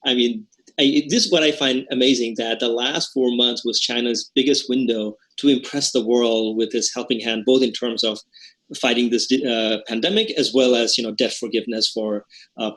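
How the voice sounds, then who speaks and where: A man's voice: mid-range voice, a bit bright, rough recording. A man hosting a podcast interview, asking long conversational questions with many fillers. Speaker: podcast host.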